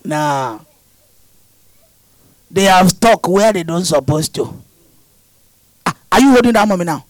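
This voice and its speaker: High, lively-voiced preaching man. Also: measured pace, long pauses, no echo, poor audio. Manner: impassioned, shouting repeated prayer lines. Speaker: pastor. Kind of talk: preaching and praying over a congregation.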